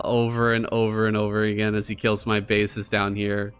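A man's voice: on the low side, moderate pace, clean tone. Man, gaming streamer, casual commentary, swears a lot, mocks and laughs, faint music behind. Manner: excitable, swearing, mocking, laughing often.

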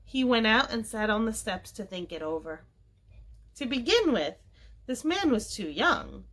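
Library read-aloud, woman narrator, expressive and lively pitch. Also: measured pace. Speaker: library storytime reader. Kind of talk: reading a children's book aloud.

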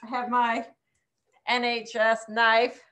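A woman's voice: a little high, completely flat delivery, takes it slowly, sharp tone. Chatty woman teaching a cooking class. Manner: chatty and rambling, many ums and laughs. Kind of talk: live online cooking class.

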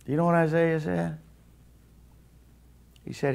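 A man's voice: on the high side, flat delivery, unhurried, vocal fry, a little mellow. A man preaching a sermon in a church, in a conversational way that keeps asking the congregation questions. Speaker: pastor. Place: church sanctuary.

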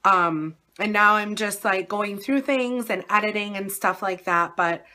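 A hoarse, short-of-breath woman with an Upper Midwest American accent, chatting casually in a home vlog with lots of fillers. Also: mid-range voice, a little slow, sharp tone. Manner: rambling, chatty, many fillers. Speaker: vlogger. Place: at home indoors.

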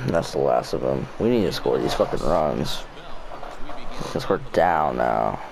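A young man grumbles through his own baseball gameplay, swearing and scolding himself. His low voice is gravelly with fry and swings widely in pitch. He talks slowly, in drawn-out complaints. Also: animated, noisy background. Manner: frustrated, swears a lot, mutters to himself. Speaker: gaming YouTuber. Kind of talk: casual gameplay commentary.

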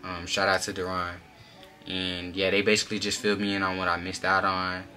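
Bright-voiced young man telling a story. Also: low-pitched, a little fast, soft background music. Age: young adult. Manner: animated, slangy, many filler "like"s. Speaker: vlogger. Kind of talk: casual storytime.

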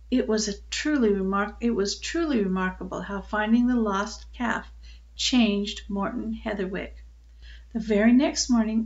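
An older woman reading a children's book aloud, telling it in a calm, unhurried way with small slips. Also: a little high, highs cut off. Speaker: storyteller.

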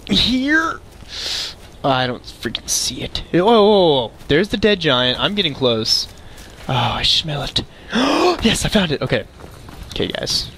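A man giving chatty, excitable let's play commentary, talking to the game's creatures. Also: mid-range voice, slight background noise. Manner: excitable, chatty, talks to game animals. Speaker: game streamer.

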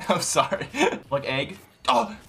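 A man streaming a video game, chatting casually, swearing, laughing and yelling in bursts. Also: high-pitched, expressive, slow pace, vocal fry, husky, soft background music. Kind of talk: casual gaming banter.

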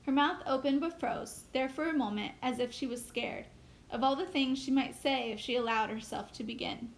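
Teacher lady reading a book chapter out loud, steady and measured, high voice. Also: low-quality recording. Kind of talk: reading a novel aloud.

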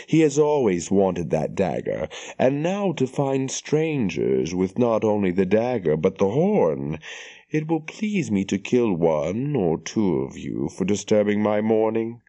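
A man voicing a calm, slurring menacing lord. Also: fairly low pitch, unhurried. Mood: coldly calm. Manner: soft, slurring, calm delivery. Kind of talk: audiobook character reading.

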